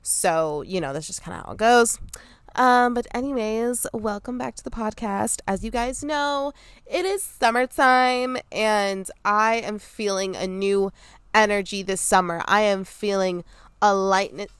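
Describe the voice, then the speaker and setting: A young woman hosting a casual solo podcast outdoors, chatty and quick to laugh, with frequent ums. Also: medium pitch, a bit bright, clean tone, no room sound. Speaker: podcast host. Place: outdoors near an airport, under trees.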